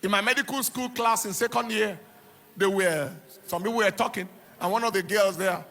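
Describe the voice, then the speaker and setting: A man's voice: high voice, moderate pace, creaky, pushed and bright. A middle-aged man preaching a sermon, telling personal stories with emphatic repetition and laughter. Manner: emphatic, repeats words and phrases. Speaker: pastor.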